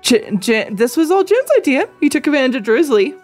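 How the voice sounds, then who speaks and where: A woman co-hosting a casual podcast, playful and teasing, quick to laugh. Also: high voice, sing-song, darkish tone, soft background music. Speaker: podcast co-host. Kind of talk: casual chat.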